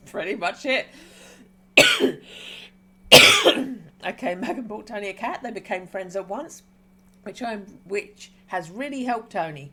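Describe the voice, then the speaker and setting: A woman streamer reading a game's dialogue aloud and reacting with excited squeals between calmer reading. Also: mid-range voice, a little slow, long pauses, a little hiss or hum.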